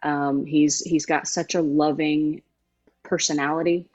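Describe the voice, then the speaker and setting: A woman's voice: deep voice, level tone, measured pace, a little mellow, lo-fi sound. A woman guest in an interview, telling an emotional story with emphatic, heartfelt delivery. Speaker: guest, former sideline reporter. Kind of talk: conversational interview.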